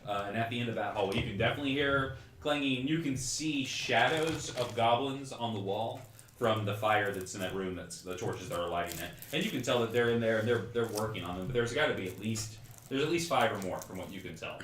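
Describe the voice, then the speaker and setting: A man's voice: fairly low pitch, brisk, fairly bright tone, reverberant, slight background noise. A man narrating as game master of a tabletop game, in a casual, rambling way full of fillers.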